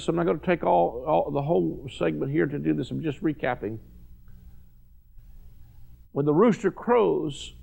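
A man's voice: a little high, gravelly, a little mellow. A man preaching a sermon to viewers, fervent and emphatic, repeating phrases for stress. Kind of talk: televised sermon.

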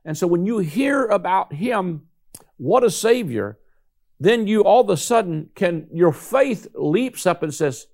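A man preaches with an emphatic delivery, stretching out the lines he wants to land. His voice is fairly high and has a gravelly edge to it. He keeps a steady pastor's cadence throughout. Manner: emphatic preaching, slows for key points. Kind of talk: sermon.

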